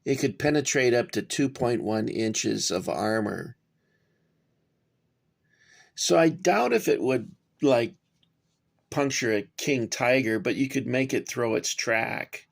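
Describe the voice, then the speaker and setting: A man with a mid-range, creaky voice takes it slowly and pauses often. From a cramped home workspace, he reviews a toy gun model in a casual, rambling way, heavy on fillers and friendly asides to "guys."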